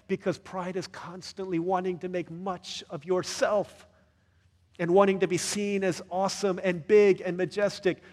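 Preaching in a church, a pastor talks in an animated, conversational way and repeatedly asks his listeners questions. His male voice is fairly high-pitched, with a long reverb tail behind it.

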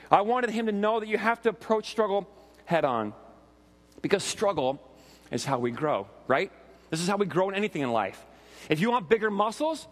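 A man in his forties preaching a sermon with animated, conversational storytelling and frequent asides to the congregation. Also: high voice, in a large hall. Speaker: pastor.

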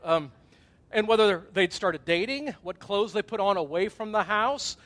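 A middle-aged man preaches a sermon with a high voice. His delivery is relaxed and conversational, and he acts out little scenes with gasps and asides. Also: normal speed. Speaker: pastor.

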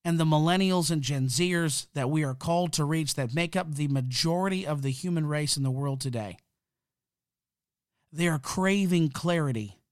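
This podcast host has a fairly high-pitched voice and speaks at a moderate pace, preaching an impassioned, emphatic monologue close to the microphone. There's no room sound, just a dry recording.

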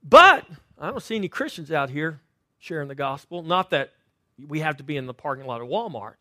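A high-voiced man preaching from the pulpit in a church. He tells his stories with a lively, swooping delivery. He drops from loud, emphatic lines to near-hushed ones. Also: a little fast, no echo, clean studio sound. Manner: animated storytelling, swinging from loud to hushed. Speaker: pastor. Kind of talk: sermon. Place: church sanctuary.

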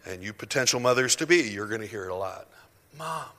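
A man's voice: fairly low pitch, expressive, quick pace. Impassioned preacher man in an echoing hall. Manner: impassioned, rising to near-shouts. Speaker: pastor. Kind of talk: sermon. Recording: long hall reverb.

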